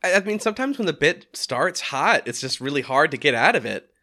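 A man on a podcast chats in a casual, joking way. He restarts his sentences often and laughs a lot. His voice is bright and forceful, and his pitch moves around a lot. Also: very animated. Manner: halting, stammering, laughs often. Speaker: podcast co-host. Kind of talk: casual comedic chat.

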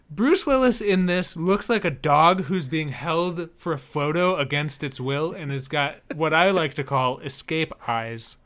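A man's voice: a little high, measured pace, few pauses, fairly bright tone. A man co-hosting a podcast in casual chat, wry and chuckling as he reads out listener emails. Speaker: podcast co-host.

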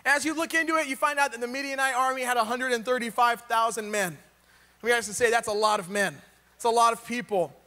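A man's voice: very high-pitched, quick pace, sharp tone, big-room sound. A man preaching a sermon in a casual, joking way, full of rhetorical questions.

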